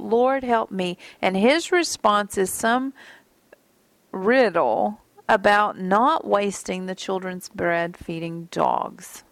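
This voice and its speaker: A woman teaching from the Bible in a musing, conversational tone, sometimes sinking nearly to a whisper. Her voice has a gravelly edge, and the recording is dry and close with little room sound. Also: medium pitch, no room sound.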